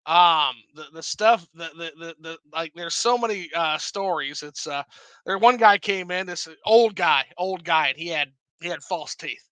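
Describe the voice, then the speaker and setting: A man's voice: a little high, moderate pace, a bit bright, clear, resonant tone, no echo, poor audio. A man in his thirties from the American Midwest, a drunk livestream host rambling with profanity and many restarts. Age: 30s. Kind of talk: casual livestream chat.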